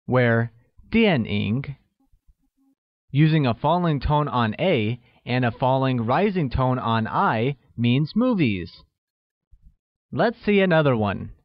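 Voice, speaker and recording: A man reading a scripted language lesson, slowly spelling out each phrase for learners. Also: mid-range voice, lively intonation, no echo. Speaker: language teacher. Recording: dull, lo-fi voice-over recording.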